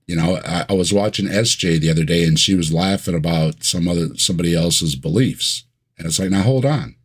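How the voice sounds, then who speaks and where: A low-pitched man with a husky voice chats as a guest. He is easygoing with dry humor and often stumbles over repeated words. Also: brisk. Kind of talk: casual chat.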